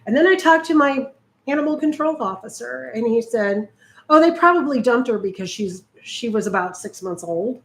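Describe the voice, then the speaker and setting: A woman's voice: a little high, animated, moderate pace. A middle-aged woman chatting casually while she crafts, often slipping into cooing baby talk with her dog. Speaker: art journaling vlogger.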